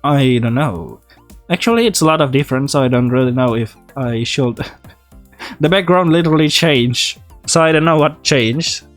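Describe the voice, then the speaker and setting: A man's voice: mid-range voice, moderate pace, soft background music. A man hosting a let's play, reading a visual novel's text aloud and joking about what happens. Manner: playful, reacting and joking between read lines.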